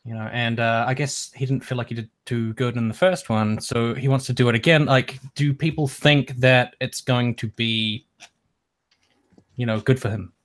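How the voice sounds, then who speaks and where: A man's voice: medium pitch, steady tone, moderate pace. A man on an online panel who keeps the talk moving by asking the others questions. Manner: questioning, moderating the discussion. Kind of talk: casual online panel chat.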